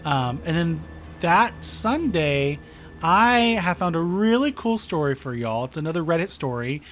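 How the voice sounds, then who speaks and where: A man's voice: on the high side, unhurried, faint music behind. Chatty, laid-back man podcast host. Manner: relaxed, chatty, laughs easily, many fillers. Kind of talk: casual chat.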